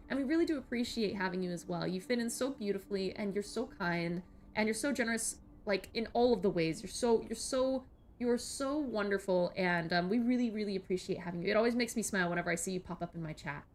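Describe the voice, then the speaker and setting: Woman game streamer, slightly high, casual and gushing with thanks, soft music bed. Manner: chatty, thanks chat members warmly. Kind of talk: casual gameplay commentary.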